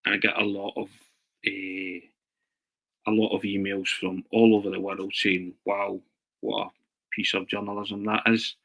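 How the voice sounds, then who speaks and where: A man's voice: fairly low pitch, a little slow, gravelly, poor audio. A man, a journalist being interviewed, telling stories with lots of laughter and restarted phrases. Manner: animated, laughing, repeats and restarts his words. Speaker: journalist and writer, interview guest. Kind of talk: anecdotal storytelling in an interview.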